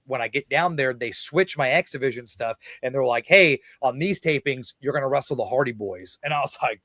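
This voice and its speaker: A young man, a guest wrestler, telling stories in a podcast interview, excited and full of swearing, shouting out the quotes he acts out. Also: medium pitch, a little fast, no echo. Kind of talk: casual storytelling in a podcast interview.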